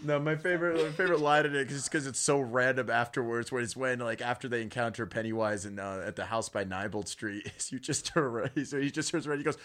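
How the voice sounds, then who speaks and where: A man co-hosting a casual movie podcast, talking animatedly and acting out scenes in loud voices. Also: mid-range voice, quick pace, few pauses. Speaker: podcast co-host. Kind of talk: casual film review chat.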